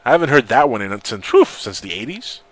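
A man's voice: medium pitch, sing-song, fairly quick, a bit bright, no room sound. Sarcastic male radio host. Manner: sarcastic, reads news aloud with mocking asides. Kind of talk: casual joking radio chat.

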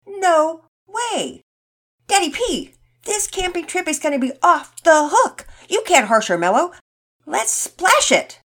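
A woman voicing an excited young boy on a backyard campout, shouting slang in a high voice. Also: slow, heavily acted.

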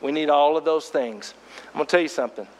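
A man's voice: a little high, quick pace, darkish tone, in a large hall. Older male pastor, folksy sermon. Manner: folksy storytelling, conversational.

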